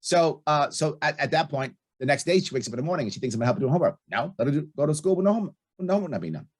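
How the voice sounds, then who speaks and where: Middle-aged male podcast guest, quick and husky, blunt and emphatic, hammers his points home. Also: on the high side, big pitch swings. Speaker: podcast guest, libertarian candidate. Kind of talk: casual podcast interview.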